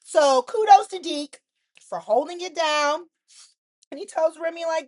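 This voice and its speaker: A woman's voice: extremely high pitch, unhurried, dry recording. Sassy woman recapping in a dry room. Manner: blunt, sassy commentary with frequent "like". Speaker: soap opera recap host. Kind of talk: casual opinionated recap.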